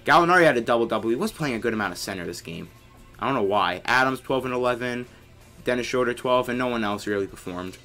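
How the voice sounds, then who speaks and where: A young man talks through his basketball video game in a bright, forward voice. He rambles casually and shouts when shots drop, then grumbles when teammates mess up. Faint music plays underneath. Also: mid-range voice, fast talker. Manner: excitable, yelling on big plays, grumbling at teammates. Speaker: gamer commentating his own play. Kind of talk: casual gameplay commentary.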